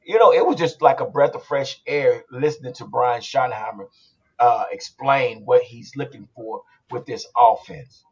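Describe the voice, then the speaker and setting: A man hosting a casual sports podcast, talking in an animated, rambling way. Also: medium pitch, moderate pace, slightly rough, highs cut off. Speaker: podcast host.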